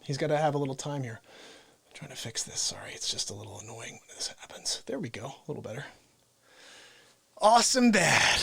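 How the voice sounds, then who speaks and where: Man, live show host, out of breath, husky, lively swooping pitch, dry close sound. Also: a little fast, no room sound. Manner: playful, self-mocking, upbeat. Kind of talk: live unscripted variety show chat.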